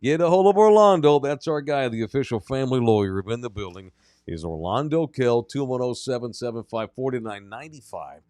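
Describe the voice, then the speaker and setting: A man hosting a sports podcast in casual chat, loud, joking and quick to exclaim. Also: mid-range voice, lively intonation, no room sound, studio quality. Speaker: podcast host.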